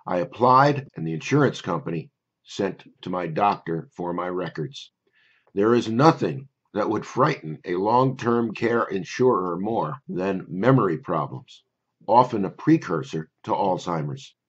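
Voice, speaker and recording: An older man, a memory course instructor, telling a personal story in a wry, conversational way before pitching his course. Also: animated, unhurried, slightly rough, highs cut off.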